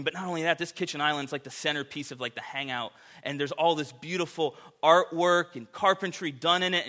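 A man preaching a sermon, his voice bright and forward. He talks casually to the congregation, with fillers and sudden swings from loud to quiet. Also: on the high side. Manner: conversational, animated preaching with fillers. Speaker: pastor.

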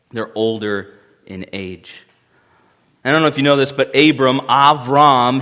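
This pastor has a medium-pitched, fairly bright voice and preaches in a conversational, emphatic way, slipping in wry humor. A long hall reverb surrounds his words.

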